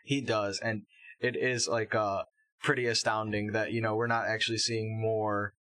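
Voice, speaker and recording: A man's voice: lowish voice, level tone, moderate pace, bright, forceful tone, dry recording. A man co-hosting a podcast, rambling and mocking in casual political chat. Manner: rambling, mocking, filler-heavy. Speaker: podcast co-host.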